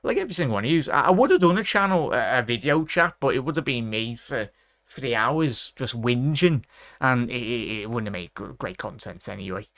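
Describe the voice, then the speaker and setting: A man hosting a casual live fan stream, rambling, giving shout-outs to viewers and ranting in frustration. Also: mid-range voice, expressive, a little fast, no echo, clean studio sound. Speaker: host of a fan watchalong stream.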